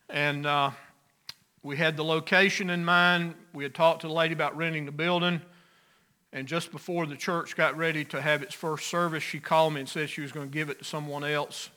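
A pastor preaching a sermon, earnest, rising loud on key phrases and dropping soft. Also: male voice, fairly high pitch, flat delivery, brisk.

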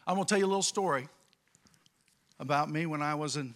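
A middle-aged man from California preaching a sermon and telling a childhood story, swinging from quiet to loud as he goes. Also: a little high, fast. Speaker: pastor.

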